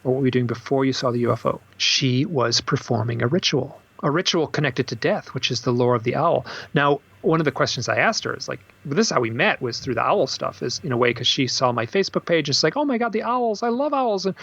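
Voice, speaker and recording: A man with a gravelly, husky voice tells stories in an interview, and his pitch jumps up when he acts out what people said. The recording sounds dull and slightly lo-fi. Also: quick pace, hardly any pauses. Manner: animated storyteller, acts out quotes with bursts of high pitch. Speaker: author and guest. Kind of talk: storytelling in a podcast interview.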